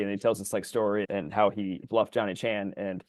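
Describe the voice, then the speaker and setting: A man co-hosting a podcast in casual chat, rambling and animated, his voice jumping high when he gets excited. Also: moderate pace, few pauses, no echo. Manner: rambling, animated storyteller full of fillers. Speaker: podcast co-host.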